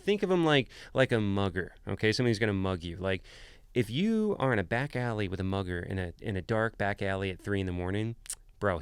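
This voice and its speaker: A man's voice: on the low side, clean tone, no room sound. A man who works as a wildlife photographer and shark dive guide, talking as a podcast guest and telling stories casually, with lots of "like" and "bro". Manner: animated, filler-heavy, says "bro" and "like". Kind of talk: casual storytelling. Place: podcast studio.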